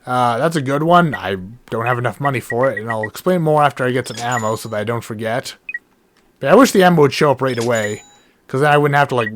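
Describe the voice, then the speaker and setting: A man hosting a let's play, giving casual rambling commentary with frequent self-corrections and jokey asides, his voice going hoarse and cracking. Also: mid-range voice, noisy background. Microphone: desk mic with a cable that gets knocked. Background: game music.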